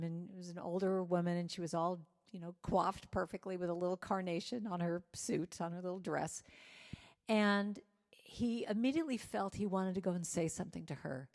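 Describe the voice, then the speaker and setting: A woman's voice: on the low side, a little fast, a little mellow. A woman giving a storytelling sermon at a church service, acting out the voices of the people in her anecdotes. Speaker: guest speaker at a church service.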